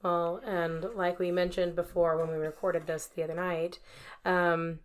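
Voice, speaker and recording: A woman's voice: on the low side, level tone, measured pace. A woman co-hosting a radio talk show, chatting casually and agreeing along with her co-host. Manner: agreeable, interjects, finishes co-host's sentences. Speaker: podcast co-host. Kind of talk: casual chat.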